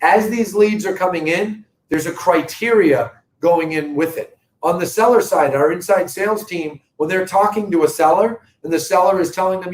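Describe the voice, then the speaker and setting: A man's voice: high voice, normal speed, echoey room, a little hiss or hum, low-quality recording. A middle-aged man with a Boston accent hosting a live real estate update, talking to viewers in an earnest, emphatic sales manner. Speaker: real estate company host. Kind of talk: live video market update.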